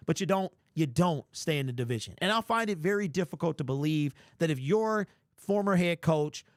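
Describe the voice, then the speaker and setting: A man hosting a casual fan live stream, chatting and reading donations in an animated, teasing, mock-indignant way. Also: fairly high pitch, no room sound, studio quality. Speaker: fan livestream host.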